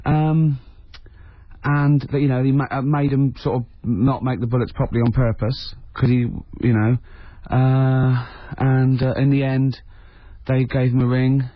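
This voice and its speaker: Deadpan joking man on radio. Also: mid-range voice, a little slow, dry recording. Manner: deadpan, jokey, rambling asides. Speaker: radio co-host and film reviewer. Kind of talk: casual radio banter. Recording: dull lo-fi radio recording.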